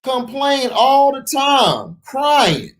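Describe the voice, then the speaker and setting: Slow-talking man hosting a sports stream. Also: very high voice, very animated. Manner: loud shout-outs to chat viewers between takes. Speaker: sports talk livestream host. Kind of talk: casual livestream sports talk.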